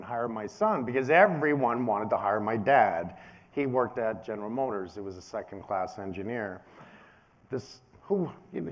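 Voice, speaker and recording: Animated man in his fifties telling stories. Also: medium pitch. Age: 50s. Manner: animated storyteller, acts out quoted voices. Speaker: keynote speaker. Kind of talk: storytelling keynote speech.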